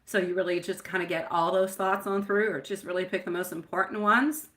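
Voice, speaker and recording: A woman in her thirties reads tarot live for her viewers, with a bright, clear tone. She talks in a chatty, meandering way, greeting people by name and calling them sweetie and my love. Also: lowish voice, steady tone, brisk. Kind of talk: live-stream tarot reading.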